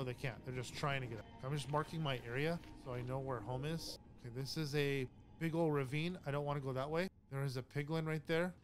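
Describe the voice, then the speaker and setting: A man casually narrating his own gameplay, chatty and jumpy, easily startled and quick to laugh at himself. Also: medium pitch. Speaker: gaming YouTuber. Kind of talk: casual let's-play commentary.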